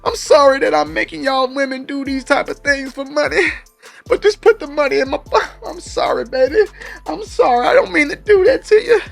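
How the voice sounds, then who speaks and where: A man's voice: big pitch swings, fast, gravelly, few pauses, breathy edge, soft background music, exaggerated voice. A man voicing a whining pimp who cries and apologizes while still collecting money. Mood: whiny sobbing. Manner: sobbing, pleading, high-pitched put-on voice. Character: crying, whining pimp begging forgiveness while taking money.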